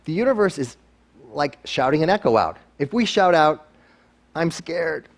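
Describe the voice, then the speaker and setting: A man giving a lively motivational talk to a live audience, acting out quoted voices with playful humor. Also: a little high, normal speed. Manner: animated, acts out quoted voices. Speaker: guest speaker.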